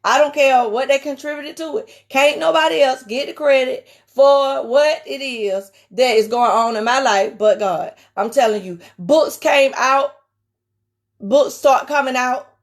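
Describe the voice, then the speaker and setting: Woman preaching on a live stream, raspy w/ a country twang, fairly high voice, keeps repeating herself for emphasis. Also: measured pace. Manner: emphatic, repeats key phrases, addresses viewers by name. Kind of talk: casual live-stream sermon.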